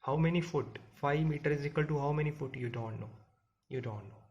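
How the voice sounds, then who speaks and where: A man's voice: a little high, brisk, a little mellow. A man teaching a physics class step by step, repeating points and asking the students questions. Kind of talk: classroom lecture. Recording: dull lo-fi audio with faint hiss.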